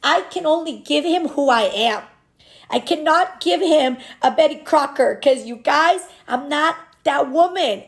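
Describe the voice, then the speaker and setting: High-voiced candid woman. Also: measured pace, creaky. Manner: candid, rambling, animated, many restarts. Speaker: business owner and mother. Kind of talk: emotional personal vlog talk.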